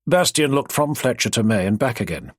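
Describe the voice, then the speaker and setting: A man narrating an audiobook in an expressive storytelling manner. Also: medium pitch, brisk, slightly rough, no room sound, studio quality. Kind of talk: scripted narration.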